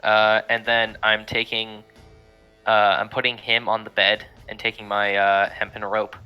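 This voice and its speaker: A man with a fairly low voice plays a tabletop game, talking in a hesitant way with lots of fillers. He describes his character's actions and asks for checks. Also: monotone, unhurried, smooth, lo-fi sound, faint music behind. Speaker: player. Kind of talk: casual game chat.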